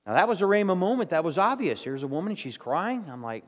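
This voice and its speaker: A man delivers a sermon in a casual, down-to-earth way, tossing in "all right?" to keep his congregation with him. His voice sits a little high for a man. The long reverb of a big church hall trails behind every word. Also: very animated, fast talker. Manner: conversational, plain-spoken, with frequent "okay?" and "all right?" check-ins. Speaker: pastor.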